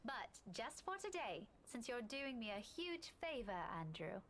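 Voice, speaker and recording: A woman's voice: on the high side, sing-song, a little slow, a bit bright. An actress voicing a polite, deferential young woman researcher in a game, speaking hesitantly.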